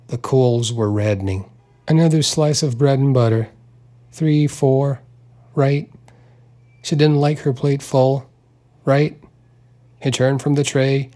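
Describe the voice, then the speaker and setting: Narrating a literary novel as an audiobook, a man reads in a measured, unhurried way, lending the characters small touches of voice. His pitch is medium and his tone darkish.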